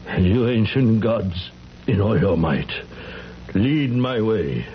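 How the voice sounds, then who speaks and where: A man's voice: on the low side, lively intonation, takes it slowly, a little hiss or hum. An actor playing an elderly alchemist father in a radio drama, murmuring and absorbed, breaking into incantation. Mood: solemn. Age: older. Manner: distracted, murmuring, then incantatory. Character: old male alchemist father, absorbed and fussy. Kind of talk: 1970s radio drama acting. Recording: dull lo-fi radio broadcast.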